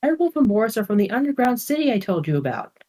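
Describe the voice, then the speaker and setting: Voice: medium pitch, sing-song, quick pace, darkish tone, pitched above the performer's own voice. A reader voicing an earnest teenage girl who pleads with her family and reassures them. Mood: pleading. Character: teen girl heroine, earnest and protective. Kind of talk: amateur audio drama reading.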